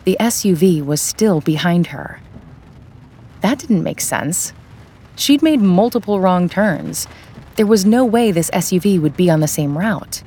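A woman reading audiobook narration in a calm, measured way. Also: lowish voice, slight background noise.

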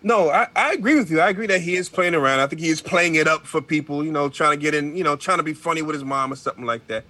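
A man's voice: fairly high pitch, quick pace, few pauses, bright, forceful tone. A man co-hosting a casual podcast chat, agreeable and reflective.

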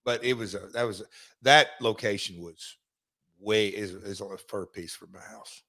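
A middle-aged man, chatting casually as a podcast host, halting with many restarts and fillers. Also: lowish voice, fairly even intonation, gravelly, pushed and bright. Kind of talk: casual chat.

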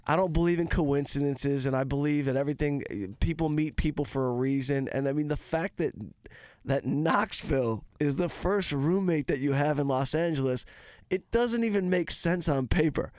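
A man's voice: on the high side, normal speed, darkish tone, dry recording, studio quality. Hyped-up podcast host man. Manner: hyped, emphatic, calls people bro. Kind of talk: casual podcast chat.

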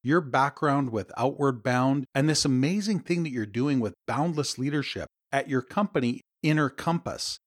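A man's voice: mid-range voice, moderate pace, hardly any pauses, no echo. Canadian man hosting a podcast, dry sound. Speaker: podcast host. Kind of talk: podcast interview.

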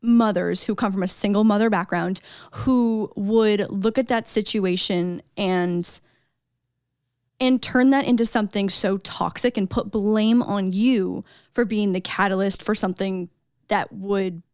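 A woman's voice: medium pitch, unhurried, darkish tone, clean tone, no echo, clean studio sound. A young woman co-hosting a podcast, chatty and empathetic, with lots of "like". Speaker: podcast co-host. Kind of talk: casual podcast chat.

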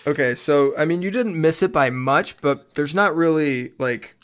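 A man's voice: a little high, normal speed, fairly bright tone, clean tone. A man co-hosting a sports podcast, teasing and ribbing his partner with dry questions. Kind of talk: casual sports chat.

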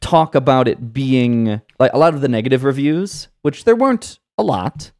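A man's voice: medium pitch, expressive, normal speed, a little mellow, no room sound, studio quality. An American man co-hosting a podcast, chatting casually, asking curious questions and agreeing often. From United States. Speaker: podcast co-host. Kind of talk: casual chat.

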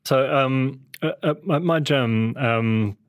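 A man's voice: mid-range voice, slow pace, no echo, clean studio sound. A young man co-hosting a casual podcast chat, hesitant and full of fillers and restarts. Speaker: podcast co-host.

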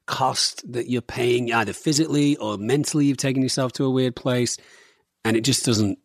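A man's voice: mid-range voice, moderate pace, creaky, dry recording, clean studio sound. A man in his forties, born in Germany to parents from Manchester, chatting playfully as a podcast guest and swearing freely. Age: 40s. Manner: playful, swearing, animated storytelling. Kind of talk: casual chat.

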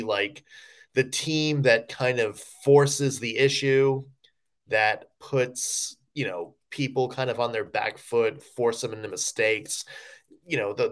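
A man co-hosting a sports podcast in casual chat, giving lively, joking analysis full of "you know" and "like". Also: medium pitch. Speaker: podcast co-host.

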